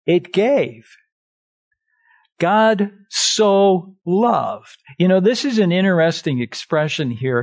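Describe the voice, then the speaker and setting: A man preaching at a very unhurried pace, lingering over each phrase. His pitch rises and falls widely as he repeats key words for emphasis, and the sermon is streamed live. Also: lively intonation. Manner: slow, deliberate preaching with emphatic repetitions. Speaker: pastor. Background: live-streamed church service.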